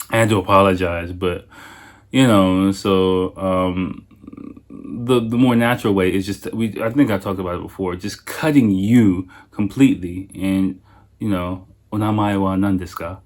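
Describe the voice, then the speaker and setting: Lively, swearing man hosting a podcast. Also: fairly low pitch, normal speed. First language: English. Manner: animated storyteller, swears freely, laughs often. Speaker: podcast host. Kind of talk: casual solo podcast chat.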